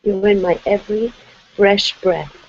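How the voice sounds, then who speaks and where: Slow, gravelly Jamaican-accented woman. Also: medium pitch, fairly even intonation, highs cut off. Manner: slow, heartfelt, hesitant. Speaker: questioner. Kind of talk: satsang sharing.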